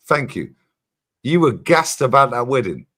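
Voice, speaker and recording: Man, mid pitch, casual stream chat, emphatic, repetitive, swears. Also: measured pace. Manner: animated, emphatic, swears freely, repeats his points. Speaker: streamer host.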